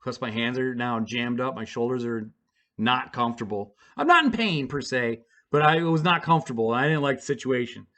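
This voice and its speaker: A man casually telling a personal story to camera, rambling and self-deprecating with halting restarts. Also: mid-range voice, bright, forceful tone.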